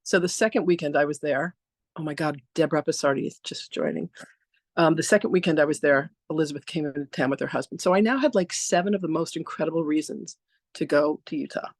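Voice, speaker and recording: A woman hosting a talk, introducing her guest through a chatty, animated story and often laughing. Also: deep voice, quick pace, dry recording, clean studio sound. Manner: animated, acts out dialogue with "I'm like".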